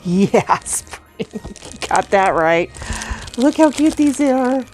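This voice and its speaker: A middle-aged woman chatting casually as she unboxes giveaway gifts, gushing with excited oohs and soft gasps. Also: fairly high pitch, slow, faint music behind. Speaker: vlogger unboxing a giveaway box.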